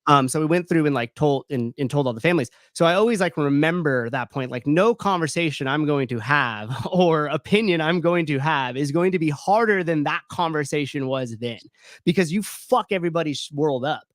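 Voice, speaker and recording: A man's voice: a little high, brisk, dry recording, clean studio sound. A man in his thirties, a gym owner, telling a personal story in a loose, candid way, full of fillers and swearing. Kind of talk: casual storytelling.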